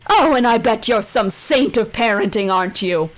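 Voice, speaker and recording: Woman doing a cool, sneering sorceress, taunting and unhurried. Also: mid-range voice. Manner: calm, taunting, smooth. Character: cold, mocking older sorceress mother.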